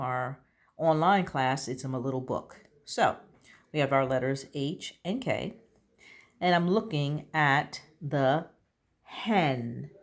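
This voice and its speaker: A woman teaching an online phonics lesson to young children, sounding out letters patiently and praising correct answers. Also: rumbling low. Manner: encouraging, checks in with children.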